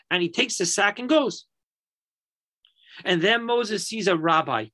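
A man teaching a Torah lesson, an animated and emphatic storyteller. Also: sits high, a little slow, long pauses.

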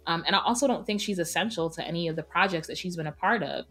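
A woman co-hosting a podcast roundtable, talking in an emphatic, opinionated, animated way. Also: lowish voice, quick pace, soft background music. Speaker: podcast co-host. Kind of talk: casual roundtable chat.

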